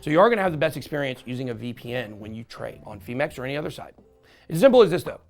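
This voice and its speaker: A man's voice: mid-range voice, sing-song, racing, vocal fry, faint music behind. A man hosting a crypto channel, giving an upbeat, salesy sponsored review.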